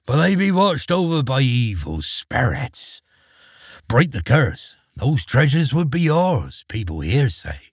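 Guy doing a rustic rambling innkeeper, husky, lively up and down. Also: mid-range voice, takes it slowly, dry recording, studio quality, heavily acted. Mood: hushed. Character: gossipy village innkeeper, middle-aged man.

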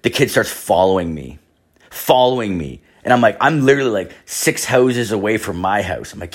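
A young man casually telling a long story, rambling and swearing, full of "like", and jumping into high voices for the people he quotes. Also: animated, fast. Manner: rambling, swears a lot, fills with "like".

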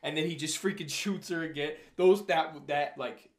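A young man chatting casually about a movie, relaxed and full of fillers. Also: fairly high pitch, moderate pace, echoey room. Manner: relaxed, filler-heavy, mild swearing substitutes.

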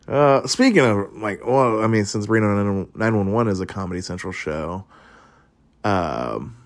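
A man's voice: on the low side, lively intonation, unhurried. A man hosting a podcast, chatting casually and rambling, often laughing and swearing. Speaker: podcast host. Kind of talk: casual solo podcast chat.

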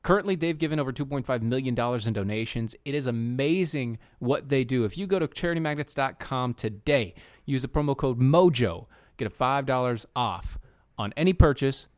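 A man's voice: medium pitch, animated, fairly quick, no room sound, clean studio sound. A man hosting a casual political commentary podcast, sarcastic and rambling with many restarts. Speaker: podcast host.

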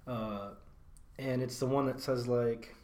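A young man hosts a podcast, chatting loosely in slang with plenty of swearing and fillers. His mid-range voice is fairly even and a little mellow, moving slowly, in an echoey room.

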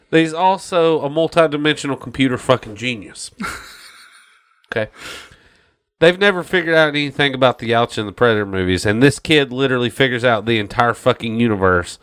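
In this casual chat, the podcast guest tears into a movie, cursing heavily and mocking its lines. He speaks at a medium pitch with a fairly bright tone.

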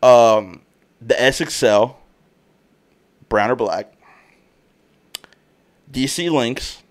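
A man's voice: mid-range voice, extremely slow. A man in his thirties hosting a podcast solo, rambling in casual chat with slang and constant swearing. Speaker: podcast host.

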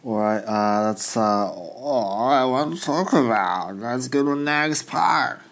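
A man doing a casual comedy monologue, halting, with broken grammar and many restarts. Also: mid-range voice, lively intonation, a bit bright. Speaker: stand-up comedian.

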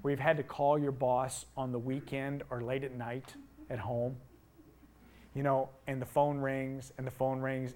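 A middle-aged man preaching a sermon, telling the story with rhetorical questions and rising to loud emphasis. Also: mid-range voice, monotone, normal speed, slight background noise. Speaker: pastor.

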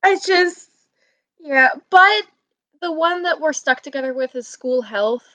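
Young woman, high voice, dry close sound, lively storytelling on a video call. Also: measured pace, dry recording. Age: young adult. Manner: animated storytelling, swinging to loud exclamations. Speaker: college student telling a story. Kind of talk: casual chat.

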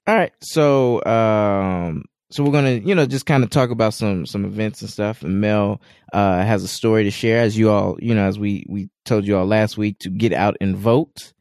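A man's voice: lowish voice, normal speed, hardly any pauses, darkish tone, no echo, studio quality. A man co-hosting a podcast in a laid-back way with many fillers. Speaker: podcast co-host. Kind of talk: casual podcast chat.

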